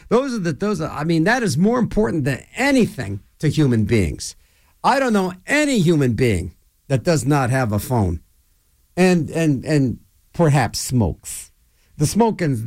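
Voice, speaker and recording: Animated rambling male radio host. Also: a little high. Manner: rambling, digressive, animated storyteller. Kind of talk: rambling casual radio talk.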